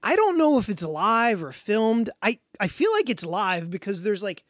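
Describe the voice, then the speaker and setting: A podcast co-host with a high-pitched, very animated voice chats casually at normal speed, rambling and using lots of fillers. The recording is studio quality, with no echo.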